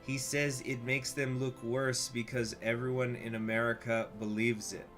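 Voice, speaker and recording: A man voicing a calm man translator slowly relaying a call in a flat tone. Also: medium pitch, faint music behind, natural voice.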